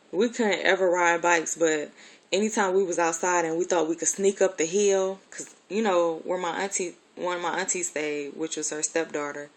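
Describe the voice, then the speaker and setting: Woman, adult, lowish voice. Casual personal storyteller, candid, swears freely, rambles with fillers.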